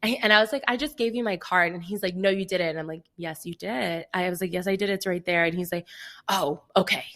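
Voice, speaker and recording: A young woman with a bright, forceful voice tells a story on a casual podcast. She acts out what everyone said and fills her talk with "like." The delivery is animated and chatty. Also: on the low side, quick pace. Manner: animated storytelling, acting out quoted dialogue, frequent "like". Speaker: podcast co-host. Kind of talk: casual chat.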